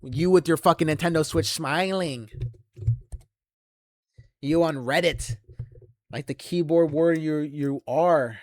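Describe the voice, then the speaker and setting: A young man ranting to camera in an aggressive, taunting, heavily profane monologue that swells into shouts. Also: on the high side, takes it slowly, long pauses, dry recording, clean studio sound. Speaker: channel host.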